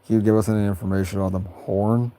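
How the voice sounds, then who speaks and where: A man's voice: little pitch movement, dark tone. Male streamer, laid-back Q&A, stumbles and restarts lines, frequent giggling. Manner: giggly, breaks into high laughter often; halting, repeats and restarts phrases. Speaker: creator answering viewer questions. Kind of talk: casual livestream chat.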